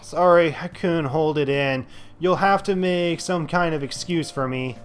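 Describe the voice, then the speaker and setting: A man's voice: a little high, measured pace, clean tone, soft background music. A man giving casual gameplay commentary as a let's play host, sarcastic and thinking aloud with lots of fillers.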